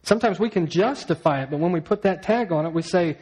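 Preaching man, somewhat high-pitched. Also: animated, brisk, hardly any pauses, darkish tone, breathy edge, rough recording. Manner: conversational preaching with rhetorical questions. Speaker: pastor. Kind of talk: sermon.

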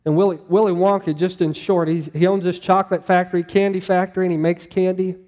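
A man's voice: high voice, level tone, fast talker, darkish tone, in a large hall. A man preaching a sermon to a congregation in a conversational way, asking them questions as he goes. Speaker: pastor.

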